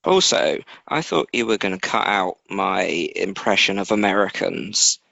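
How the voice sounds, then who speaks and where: Teasing English podcast co-host, very low and gravelly, slow delivery. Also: female voice, fairly bright tone, no room sound. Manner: joking, teasing, playful impressions. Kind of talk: casual chat. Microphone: headset. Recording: dry, slightly dull lo-fi sound.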